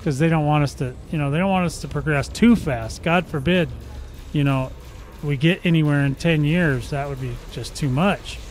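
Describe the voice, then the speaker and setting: A man's voice: a little high, a little fast, slight background noise. A man hosting a gaming channel, giving joking, playful commentary while he plays and making gun sounds with his mouth. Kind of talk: live gameplay commentary.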